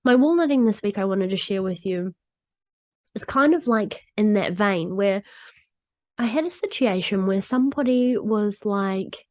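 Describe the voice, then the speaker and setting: A woman's voice: mid-range voice, expressive, measured pace, a little mellow, no echo, studio quality. A woman hosting a solo podcast, talking candidly in a chatty way, often laughing and acting out what people said. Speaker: podcast host.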